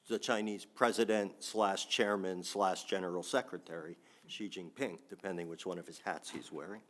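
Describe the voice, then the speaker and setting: Low-voiced man giving a hesitant panel talk. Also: moderate pace, fairly bright tone. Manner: hesitant, many ums and restarts, dry asides. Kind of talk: think-tank panel talk.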